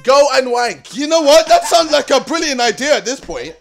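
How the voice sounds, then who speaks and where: A young man giving let's-play commentary, exasperated, swearing and yelling at the game. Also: very high voice, big pitch swings, brisk, vocal fry, music in the background. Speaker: gaming commentator.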